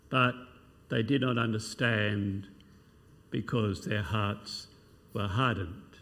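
A man's voice: lowish voice, takes it slowly, long pauses, fairly bright tone. A man preaching a sermon, asking rhetorical questions and reading scripture passages aloud. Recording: long hall reverb.

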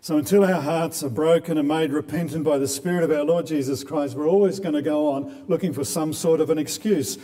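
A male preacher delivers an earnest sermon in a mellow, dark voice. His words ring out with a long reverb, as in a big church hall. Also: fairly high pitch, steady tone, brisk, few pauses. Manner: earnest, repeats words when building a point.

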